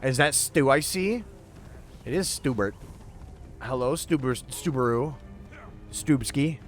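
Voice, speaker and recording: A man's voice: mid-range voice, expressive, takes it slowly, faint music behind. Playful swearing man streaming a game. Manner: playful, rambling, swears freely, talks to chat. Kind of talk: casual livestream chat while gaming.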